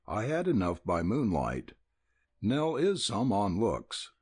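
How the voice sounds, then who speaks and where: A man's voice: on the low side, a little mellow, husky, no echo, studio quality, heavily acted. A man voicing a talkative, boastful young with an in an audiobook. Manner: drawling, folksy.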